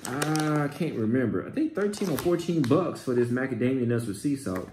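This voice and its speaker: A man casually reviewing a shopping haul, excitable and exclaiming as he reads out labels. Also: mid-range voice, normal speed. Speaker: vlogger. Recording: echoey room with faint noise.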